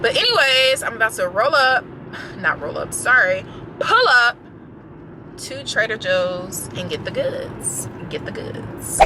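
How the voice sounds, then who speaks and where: A woman's voice: a little high, lively intonation, measured pace, noisy background. A young woman chatting casually in a vlog, telling stories from her car with lots of "like" and "y'all". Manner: chatty storytelling with many "like"s and "y'all". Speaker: vlogger, flight attendant. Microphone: handheld camera.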